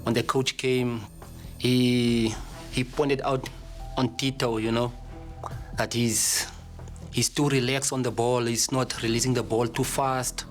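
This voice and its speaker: A man's voice: medium pitch, takes it slowly, faint music behind. A man, a football player, casually reflecting on a match in an interview. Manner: casual, relaxed, fillers like you know.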